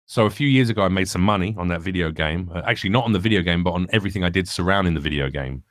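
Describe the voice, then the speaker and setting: A man's voice: low-pitched, very fast, no room sound, clean studio sound. An English man speaking as a comedian guest in a candid podcast conversation, reflective and rambling, with frequent restarts.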